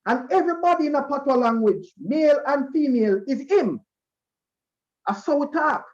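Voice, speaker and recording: A man with a Jamaican accent, emceeing a school concert and speaking to students as a lively storyteller who acts out the voices he quotes. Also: extremely high pitch, normal speed, highs cut off.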